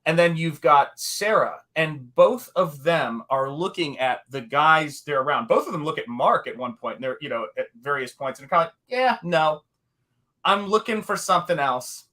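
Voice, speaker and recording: A man's voice: on the high side, moderate pace, hardly any pauses, bright, forceful tone. A man co-hosting a casual horror film discussion, talking it through analytically and acting out lines from scenes. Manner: chatty, analytical, acts out quoted lines. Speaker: co-host.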